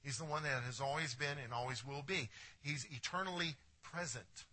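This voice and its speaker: A male pastor preaches in a mid-range voice at normal speed, his tone sharp and bright with a breathy, husky grain. His delivery swings widely, sinking to near-hushed phrases before rising into emphatic declarations. He frequently addresses the congregation with direct questions.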